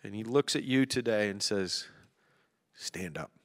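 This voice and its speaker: A man's voice: on the low side, normal speed, a bit bright. A man preaching a sermon, chatty and joking at times, then reading poetry with emphasis. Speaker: pastor. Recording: long hall reverb.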